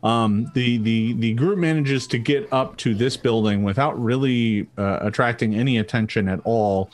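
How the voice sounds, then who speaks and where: A man's voice: medium pitch, normal speed. A man narrating as game master of a tabletop game, hesitant and full of restarts. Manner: hesitant, many ums and restarts.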